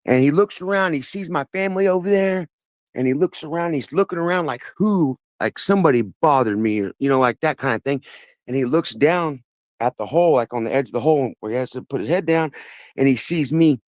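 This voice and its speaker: Here a man calls a talk show to share a long, personal tale, rambling earnestly and restarting again and again. He talks a little fast in a slightly high voice, with no room sound.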